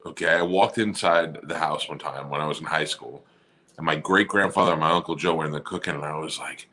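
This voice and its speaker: A man's voice: rumbling low, brisk, pushed and bright. A man co-hosting a podcast in casual chat, telling long crude stories and swearing freely. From Staten Island area, New York. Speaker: podcast co-host.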